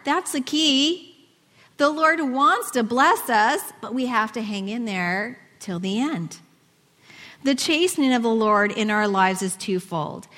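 A woman's voice: on the high side, fairly bright tone. Woman preaching in a reverberant hall. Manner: conversational, asks the audience questions, reads scripture aloud. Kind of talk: sermon.

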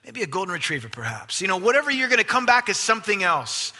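A man preaching a sermon as pastor, emphatic, swinging from loud stresses to hushed asides. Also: high voice, very animated, quick pace. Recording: long hall reverb.

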